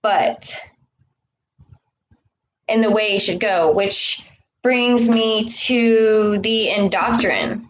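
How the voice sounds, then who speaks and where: Slow-talking woman preaching casually. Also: mid-range voice, slight background noise, poor audio. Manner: preachy, repeats "okay" and "all right". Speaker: spiritual vlogger. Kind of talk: casual spiritual talk to camera.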